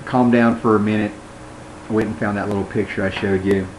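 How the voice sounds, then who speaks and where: A man's voice: fairly low pitch, little pitch movement, a little fast, a little hiss or hum, poor audio. A man giving a casual, rambling comic book review and retelling scenes with quoted lines.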